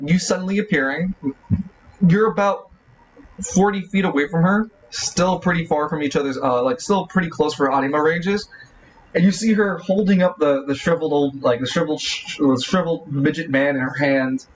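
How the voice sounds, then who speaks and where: A man's voice: fairly high pitch, moderate pace, rough recording. A man running a tabletop game as game master, narrating with many fillers and restarts.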